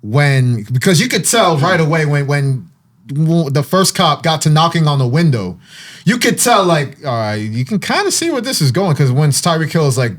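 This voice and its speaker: A man hosting a casual sports talk show, retelling a news story with lively storytelling and frequent fillers. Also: a little high, fairly quick. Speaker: podcast host.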